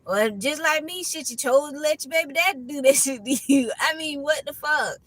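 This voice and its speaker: High-voiced woman ranting bluntly with laughter. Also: moderate pace, a bit bright, dry recording, rough recording. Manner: blunt, profane, laughs often. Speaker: tarot reader. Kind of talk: casual tarot reading rant.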